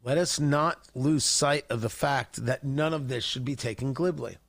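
A man's voice: mid-range voice, normal speed, gravelly, a bit bright. A male host giving heated, sarcastic political commentary on a livestream, ranting and mocking.

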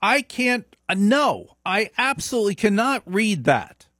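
A man's voice: high-pitched, very animated, unhurried, pushed and bright, no room sound, studio quality, pitched above the performer's own voice, heavily acted. A man voicing a stubborn older immigrant grandmother who insists on refusing. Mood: indignant.

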